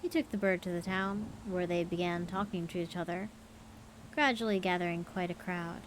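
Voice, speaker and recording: A woman streaming, reading folk stories aloud in a relaxed, playful way. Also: on the low side, normal speed, slight background noise, poor audio. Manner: casual, playful, tired late in the stream. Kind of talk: storytelling livestream.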